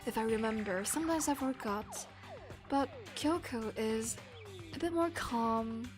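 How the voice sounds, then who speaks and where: A woman from Asia chatting casually on a livestream, self-deprecating and quick to laugh. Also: fairly high pitch, over music. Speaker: streamer.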